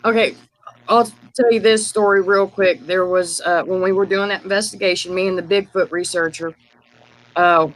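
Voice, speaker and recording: High-voiced man telling a rambling story. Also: steady tone, normal speed, a bit bright, low-quality recording. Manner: rambling, many fillers and restarts. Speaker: guest sharing field experiences. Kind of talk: casual storytelling on a live call.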